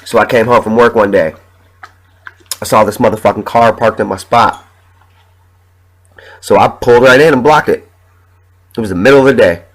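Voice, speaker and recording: A man's voice: fairly low pitch, normal speed, long pauses, rough recording. Profane, heated man with a chesty cough. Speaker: podcast host. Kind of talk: casual ranting monologue.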